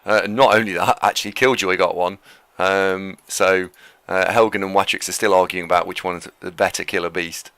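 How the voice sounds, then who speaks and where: A man with a low, gravelly voice co-commentates a casual game session. He talks slowly through the plays in a laid-back, hesitant way, leaning on fillers between thoughts. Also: fairly even intonation, fairly bright tone, no echo.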